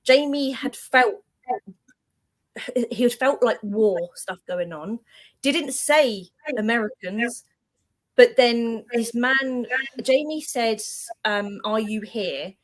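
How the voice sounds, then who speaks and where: A woman guest on a chat show, telling paranormal stories in a lively way and acting out the dialogue. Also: on the high side, slow, low-quality recording. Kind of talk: casual chat.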